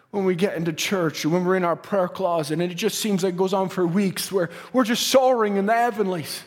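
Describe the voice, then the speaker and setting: A male preacher delivering a sermon, swinging from shouted, singsong lines to quiet asides. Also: high-pitched.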